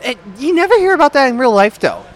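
A man's voice: extremely high pitch, big pitch swings, fast. A Canadian man co-hosting a casual live chat show from a sports bar, joking and rambling through stories. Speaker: podcast co-host.

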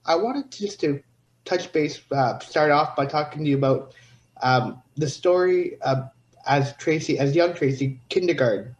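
Guy interviewer, halting question full of ums, dull lo-fi sound. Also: on the high side. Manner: hesitant, with many fillers. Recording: muffled lo-fi audio.

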